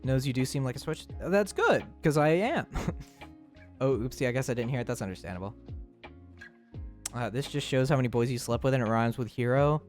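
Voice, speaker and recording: A man's voice: medium pitch, a little fast, long pauses, darkish tone, soft background music. A young man streaming live, chatting playfully with his chat, laughing often and tripping over his words.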